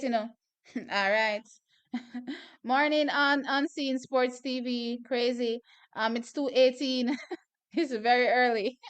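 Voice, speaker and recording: A Jamaican woman hosting a live watch-party stream, chatting through the races and bursting into excited shouts and laughter. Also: a little high, smooth.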